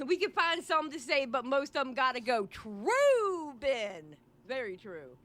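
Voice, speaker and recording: A woman streamer reacting live to a video, with loud, animated and profane outbursts. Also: high-pitched, normal speed.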